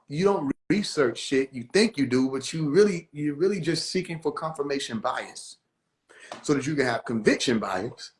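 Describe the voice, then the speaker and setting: A man with a fairly high-pitched voice talks casually on a livestream. He tells his story with animated energy, swears freely, laughs often and acts out the people he quotes. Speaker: livestream host.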